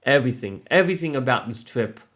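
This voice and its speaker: A man's voice: medium pitch, animated, fast, fairly bright tone. A man vlogging about a trip, gushing and out of breath, restarting his sentences often. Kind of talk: excited travel vlog.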